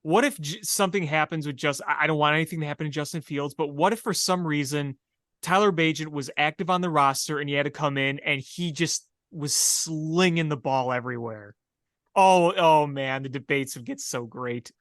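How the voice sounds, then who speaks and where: Bright-voiced male sports co-host. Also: a little high, moderate pace, no echo, studio quality. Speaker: podcast co-host. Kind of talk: casual sports talk podcast.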